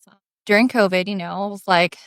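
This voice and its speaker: A woman co-hosting a podcast, telling a family story in an animated, casual way with lots of fillers. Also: mid-range voice, a little fast, clear, resonant tone, no room sound, clean studio sound. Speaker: podcast co-host.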